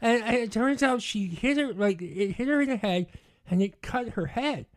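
A man telling a rowdy story in casual podcast chat, animated and often laughing through his own words. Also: very high-pitched, moderate pace, a little hiss or hum.

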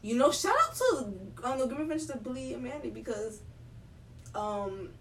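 A young woman in relaxed podcast chat, recalling stories with plenty of "like" and "you know". Her voice is mid-pitched and sounds a little distant from the mic. A faint noise floor sits under her voice. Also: normal speed. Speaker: podcast co-host. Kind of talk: casual chat.

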